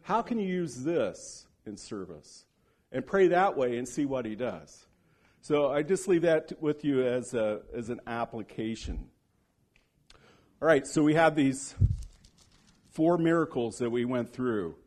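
A man preaching a sermon in a mid-pitched voice. He tells the story with energy and acts out the quoted speech. On solemn points he drops to a hushed, low voice. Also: measured pace, pauses often.

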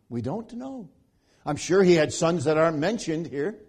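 A man preaching a sermon, swinging between loud pleading passages and hushed, quiet stretches. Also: a little high, big pitch swings, moderate pace, breathy edge.

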